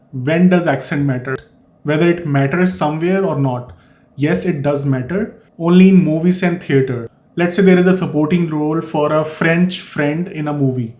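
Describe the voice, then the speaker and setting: A man's voice: fairly high pitch, a little mellow. A man from India with an Indian accent, giving earnest, explanatory advice in a vlog and repeating his key points. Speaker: vlogger. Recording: echoey room.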